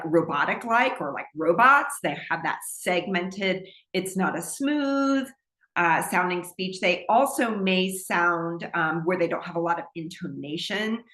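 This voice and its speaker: A woman's voice: on the low side, bright, forceful tone. A woman, a speech pathologist, giving a recorded presentation in an explanatory teaching manner with light laughs. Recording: echoey room.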